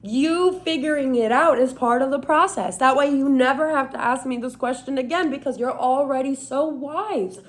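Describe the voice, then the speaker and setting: Brief: smug, cheeky office man at a computer, patronizing, slightly raised pitch, put on by a woman. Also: moderate pace, hardly any pauses, lightly acted.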